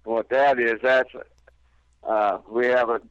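Man, smooth mid voice, calm caretaker guest, dull dry phone-in sound. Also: mid-range voice, measured pace, dry recording. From Indiana. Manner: plain, matter-of-fact storyteller. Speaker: guest, theater caretaker and tour guide. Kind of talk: radio interview.

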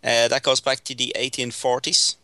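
Crisp, bright Irish man. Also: mid-range voice, level tone, moderate pace, no echo. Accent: Irish, Dublin. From Ireland. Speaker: guest paranormal investigator. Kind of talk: casual chat over a call.

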